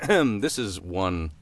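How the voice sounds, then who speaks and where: A man's voice: on the low side, huge pitch swings, very slow, fairly bright tone, slight background noise. A man co-hosting a podcast, playful and chipper in casual chat. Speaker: podcast co-host.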